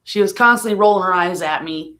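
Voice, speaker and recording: A woman talking casually on a home live stream about a painful loss, emotional and soft-spoken, laughing through sadness at times. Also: fairly low pitch, fairly quick. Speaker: vlogger.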